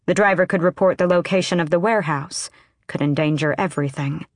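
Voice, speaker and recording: A woman narrating a fantasy novel audiobook in a steady, measured read. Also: fairly low pitch, no room sound, studio quality. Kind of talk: scripted narration.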